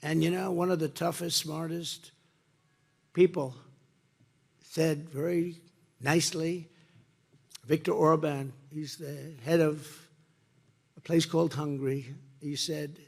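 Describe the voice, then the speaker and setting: A man addresses a rally from a podium microphone in a slightly high, gravelly voice. He repeats his phrases for emphasis and swings between loud, punchy lines and low, muttered asides. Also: fairly even intonation, slow, long pauses. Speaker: political speaker at a rally. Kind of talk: rally speech. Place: campaign rally before a crowd.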